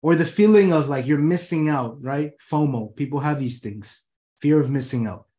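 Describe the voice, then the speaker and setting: A man's voice: fairly high pitch, moderate pace, mellow. A man hosting his own talk show from his room, talking casually and animatedly, swearing freely and acting out people's inner thoughts. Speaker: host.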